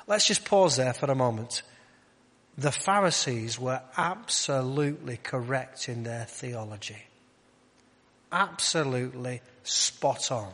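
Male preacher, conversational sermon, rhetorical questions, quiet emphasis, long hall echo. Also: mid-range voice, animated, takes it slowly, husky.

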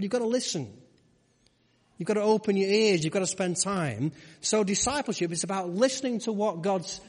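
Pastor preaching in a reverberant hall. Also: male voice, sits high, breathy edge. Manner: conversational preaching with rhetorical questions. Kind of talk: sermon.

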